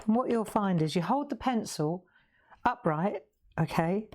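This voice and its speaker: With slight background noise behind her, a woman speaks a little slowly in a darkish, medium-pitched voice full of lively intonation. She's hosting a crafting livestream, demonstrating colouring in her craft room via lapel mic, chatty and quick to laugh at herself.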